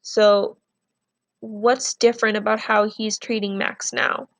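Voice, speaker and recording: A woman teacher giving a recorded reading lesson. She reads a novel aloud and gives patient, clear instructions between passages. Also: mid-range voice, level tone, slow pace, no echo.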